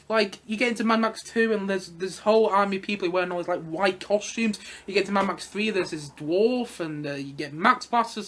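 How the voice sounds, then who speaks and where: A young man reviewing films in a casual vlog, excitable and gushing, rambling along with bursts of laughter. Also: sits high. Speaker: film reviewer.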